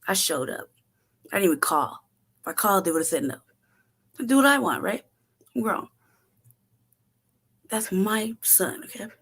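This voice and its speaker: Brief: woman host, casual profane storyteller, animated, quick to laugh. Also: mid-range voice, breathy edge. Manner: profane, animated, laughs often, acts out quotes. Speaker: show host.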